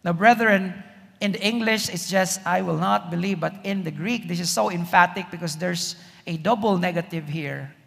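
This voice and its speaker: High, gravelly preacher in a hall. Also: male voice, normal speed, fairly bright tone. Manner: emphatic preaching with repeated rhetorical questions. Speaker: pastor. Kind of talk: sermon. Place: church. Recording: reverberant church hall.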